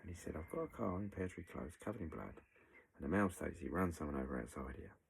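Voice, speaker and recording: A man's voice: a bass voice, fast talker, creaky, slight background noise, low-quality recording. A man bluntly retelling events, acting out what people said and swearing freely. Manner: blunt, animated retelling with acted quotes and swearing. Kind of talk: storytelling recollection.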